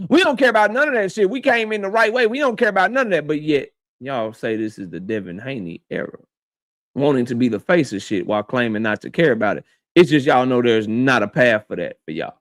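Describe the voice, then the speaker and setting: High-voiced man in a heated boxing rant. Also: lively intonation, a little fast, no room sound, studio quality. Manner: confrontational, profane, repeats his points; addresses his target directly. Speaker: boxing channel host.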